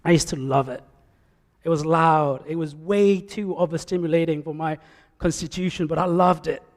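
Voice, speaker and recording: A male preacher with a high voice delivers a sermon, swinging between loud calls and quiet asides. His voice carries with a long echo through the church. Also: fairly even intonation, normal speed. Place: church sanctuary. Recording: echoey church hall.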